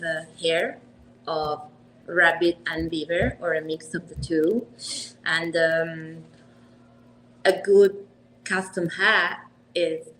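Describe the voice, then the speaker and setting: Young italian woman talking hats, kinda low voice, laughs a lot, faint hiss behind. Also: fairly bright tone, poor audio. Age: 20s. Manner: earnest, laughs easily, slight non-native phrasing. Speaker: hat company owner. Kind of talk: casual interview chat.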